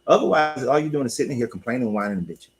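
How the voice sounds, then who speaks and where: A man hosting a casual livestream talk, blunt and animated, swearing and laughing often. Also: medium pitch, racing, husky, low-quality recording. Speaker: host.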